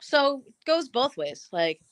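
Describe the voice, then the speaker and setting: A young woman co-hosting a live stream, telling blunt, animated stories in casual chat and acting out the people she quotes. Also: sits high, takes it slowly, dry recording. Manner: blunt, animated storyteller who acts out quotes.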